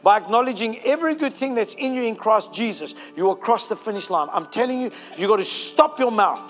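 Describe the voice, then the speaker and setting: High-voiced fervent male preacher. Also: expressive, a little fast, faint music behind. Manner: fervent, exhorting, rallies the congregation. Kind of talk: sermon.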